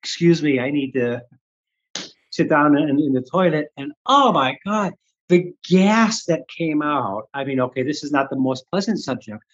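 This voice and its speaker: A man's voice: fairly high pitch, animated, normal speed, dull audio. An older man from the Midwestern United States, candidly telling a story as an interview guest and acting out his own past thoughts. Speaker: guest, Reiki teacher.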